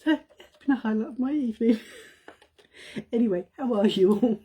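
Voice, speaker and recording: A woman's voice: a little high, lively intonation, moderate pace, dark tone, slight background noise. A middle-aged woman, chatting casually to viewers on a live stream, telling a funny family story and laughing often.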